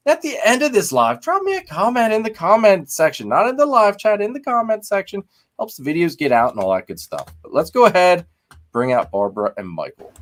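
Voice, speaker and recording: Animated joking man hosting a live show. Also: high voice, a little fast. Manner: animated, joking, lots of laughter. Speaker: podcast host. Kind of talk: casual live-stream chat.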